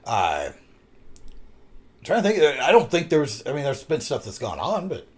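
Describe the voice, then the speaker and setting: A man co-hosting a casual podcast chat, rambling through a personal story and swearing freely. His pitch swings up and down a lot as he tells it. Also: wildly swooping pitch, moderate pace. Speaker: podcast co-host.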